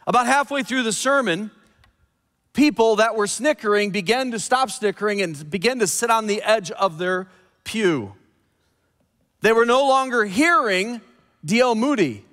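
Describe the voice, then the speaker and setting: A man preaching a sermon as pastor, with animated delivery, scripture readings and asides. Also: high voice. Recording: long hall reverb.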